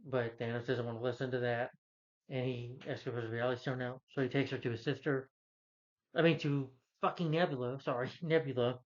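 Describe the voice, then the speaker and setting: A man retells a film's story in loose, casual talk, stumbling over names and correcting himself. His voice sits at an ordinary middle pitch. The recording sounds muffled and lo-fi. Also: fairly even intonation, fairly quick. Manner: rambling, many fillers and self-corrections. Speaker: film reviewer. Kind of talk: casual movie plot recap.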